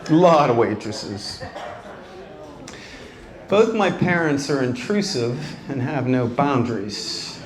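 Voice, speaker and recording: A male stand-up comedian telling wry stories about his family with deadpan asides on a nightclub stage. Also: mid-range voice, slow, long pauses. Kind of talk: stand-up routine. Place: nightclub stage before a live audience. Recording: live club with audience laughter.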